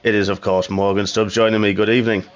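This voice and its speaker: A man's voice: lowish voice, level tone, quick pace. A man doing live sim racing commentary as the host, upbeat and joking with his co-hosts. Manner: upbeat, jokey banter with co-hosts. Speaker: esports race commentator.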